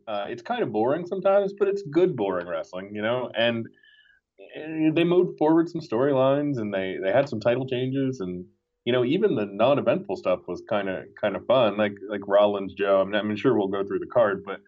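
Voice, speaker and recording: A man who is a wrestling writer, a guest in a casual podcast conversation, wry and sarcastic and repeating phrases for emphasis. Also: medium pitch. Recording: dull lo-fi audio.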